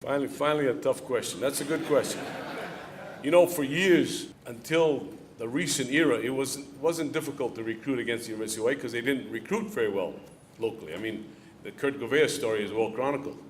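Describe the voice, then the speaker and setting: A man's voice: medium pitch, a little fast, a little hiss or hum. A middle-aged man, a head football coach, answering audience questions at a club luncheon in a plainspoken way and repeating key lines for emphasis. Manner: plainspoken, coaching-talk rhythm. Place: event hall before a live audience.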